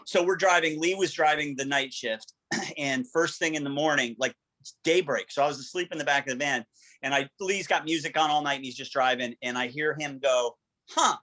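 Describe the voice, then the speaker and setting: A man telling a long, energetic story over a video call, quoting what everyone said along the way. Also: on the high side, a little fast, poor audio. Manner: energetic, vivid storyteller who quotes dialogue. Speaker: guest. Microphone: video call microphone.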